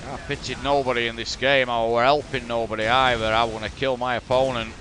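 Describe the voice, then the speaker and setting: A man's voice: mid-range voice, flat delivery, fairly quick, a bit bright, slight background noise. A man with a Yorkshire accent, commentating a replay of his own strategy game in blunt, sweary, exasperated banter. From Yorkshire, England. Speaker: gaming commentator.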